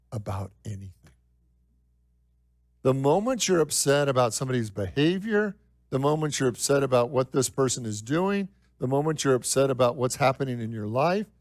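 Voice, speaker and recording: A man's voice: medium pitch, dry recording. A male minister delivering a sermon in a conversational style, asking the congregation questions and repeating key phrases for emphasis. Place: church.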